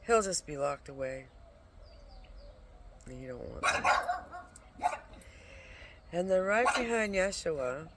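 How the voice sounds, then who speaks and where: Exhausted spiritual vlogger rambling at home, gravelly, curses a lot, whispers bits, noisy recording. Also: mid-range voice, big pitch swings, takes it slowly, long pauses. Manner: rambling, swears often, drops into whispers. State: exhausted from lack of sleep. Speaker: spiritual vlogger sharing visions. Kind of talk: casual spiritual monologue. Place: at home with a pet dog nearby.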